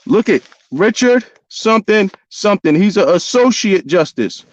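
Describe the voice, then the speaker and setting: A man's voice: high voice, animated, normal speed. Insistent man on a lo-fi phone recording. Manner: insistent, argumentative, repeats himself. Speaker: vlogger confronting court staff. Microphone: phone held by the speaker.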